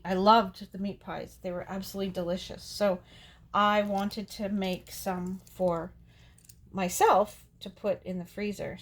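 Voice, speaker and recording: Chatty woman vlogger telling a story. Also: mid-range voice. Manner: rambling and chatty, laughs often, restarts sentences. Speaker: doll artist and channel host. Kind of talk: casual storytelling to camera.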